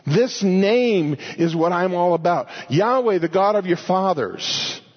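Husky male preacher teaching scripture. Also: high voice, a little slow, highs cut off. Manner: explains verses, paraphrases scripture in lively voices, shifts between loud and quiet. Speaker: pastor teaching a Bible study. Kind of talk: sermon.

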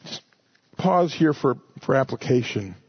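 A man's voice: mid-range voice, animated, a little slow, slightly rough, highs cut off. A man preaching a sermon, emphatic and repeating short commands.

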